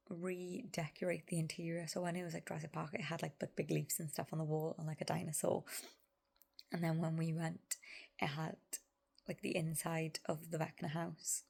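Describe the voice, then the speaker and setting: A woman in her 30s vlogs casually to the camera, rambling and chatting with lots of "like," fillers, and side notes. Her low, gravelly voice with vocal fry often drops into a soft whisper, while her tone stays level at a normal speed.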